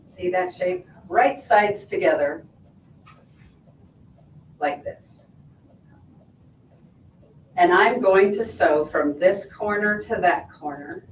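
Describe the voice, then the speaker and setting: In a sewing shop or studio, a woman demonstrates quilting, giving friendly step-by-step explanations and asking "right?" or "okay?" as she goes. Her voice is on the low side, far from the mic, with echo and slight background noise.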